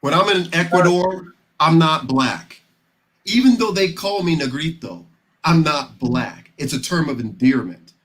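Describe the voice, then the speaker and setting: A man's voice: a little high, expressive, a little slow, a bit bright, low-quality recording. An American man on a discussion panel, talking casually and emphatically, telling stories to make his points. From United States. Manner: storytelling, emphatic.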